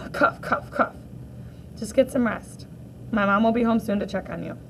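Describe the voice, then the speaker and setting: A woman teacher reading a graphic novel aloud for children, gently voicing each character in turn. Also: a little high, unhurried, gravelly, slight background noise, low-quality recording.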